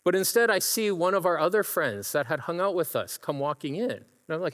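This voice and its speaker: A middle-aged male pastor delivering a sermon in a storytelling way, now and then imitating a friend's laugh. His voice sits a little higher than most men's. A long reverb trails each phrase, as in a large hall. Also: animated, fairly quick.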